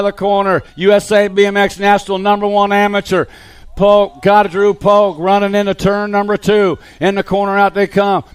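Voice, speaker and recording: A man giving live BMX race commentary, calling riders and positions in an excited play-by-play. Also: high voice, smooth. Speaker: race announcer.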